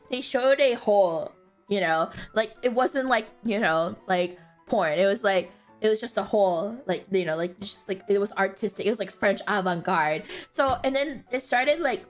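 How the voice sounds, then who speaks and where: A woman's voice: mid-range voice, animated, unhurried. A young woman streamer telling a story in casual chat, giggling often and swearing freely, with faint music behind her.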